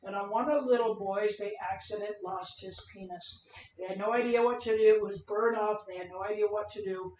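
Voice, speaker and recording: A woman's voice: mid-range voice, steady tone, brisk, darkish tone, recorded from a distance. A middle-aged woman tells her own story in an earnest, emphatic way and acts out the voices of the people she quotes. She is speaking on a video call, so her voice comes from a little way off the mic and sits in a roomy space, with a faint hum of ambience behind her. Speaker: transgender advocate speaker. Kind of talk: personal storytelling talk.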